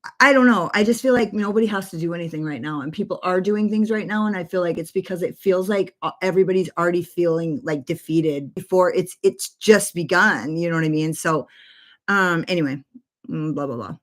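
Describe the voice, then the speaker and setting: A woman's voice: on the low side, a little fast, fairly bright tone. A woman in her forties chatting casually on a makeup livestream from her bedroom, rambling with lots of fillers and free swearing. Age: 40s.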